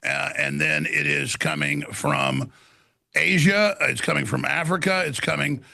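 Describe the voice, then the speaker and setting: A combative middle-aged man argues in a heated debate. His voice is gravelly and pitched high for a man, with a bright, tense edge, and he keeps cutting in to repeat his points. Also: fairly even intonation, measured pace. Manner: combative, repetitive, interrupting.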